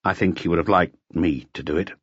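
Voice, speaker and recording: A man reading an audiobook, voicing a weary middle-aged male police inspector who talks calmly and quietly. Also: low-pitched, a little fast, husky, no echo. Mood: resigned. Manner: calm, quiet, resigned. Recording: dull lo-fi audio.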